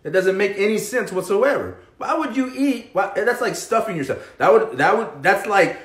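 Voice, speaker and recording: Animated man giving a pep talk. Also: sits high, normal speed, roomy sound. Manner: pep-talk, keeps asking "okay?" and "right?"; animated, swings between loud and hushed. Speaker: fitness live-stream host. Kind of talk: motivational live-stream talk.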